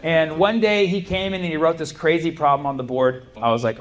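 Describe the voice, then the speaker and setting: Here the young comic's voice runs on the high side and his delivery is brisk. He's doing crowd-work stand-up at a club, loose and meandering with plenty of "like" and "you know," captured live with the audience audible.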